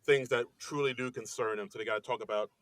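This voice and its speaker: Guy cohosting a podcast, rambling sketch recap, bright voice, dry mic. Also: medium pitch, fairly even intonation, fast, no room sound. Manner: rambling, filler-heavy recaps. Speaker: podcast co-host. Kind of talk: casual sketch review chat.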